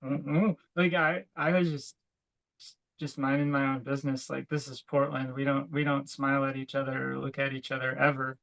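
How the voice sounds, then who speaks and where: A man's voice: mid-range voice, level tone, moderate pace, vocal fry, fairly bright tone, low-quality recording. A young adult man and podcast co-host, chatting casually and telling rambling stories full of "like," sometimes laughing as he goes. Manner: rambling, filler-heavy storytelling with frequent "like". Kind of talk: casual chat.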